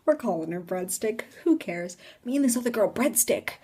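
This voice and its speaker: Breathy young woman telling a storytime. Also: fairly high pitch, moderate pace. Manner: animated, dramatic, drops into whispers for effect. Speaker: vlogger. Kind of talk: casual storytime. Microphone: phone.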